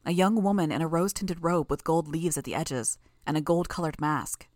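A woman narrating a first-person audiobook in a steady, even storytelling manner. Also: low-pitched, brisk, no room sound, clean studio sound.

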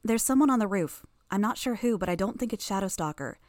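A woman voicing a sharp-tongued, smug teenage girl villain who rattles off quick explanations in a storybook reading. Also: medium pitch, animated, no room sound, studio quality, close to an everyday voice. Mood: knowing, urgent.

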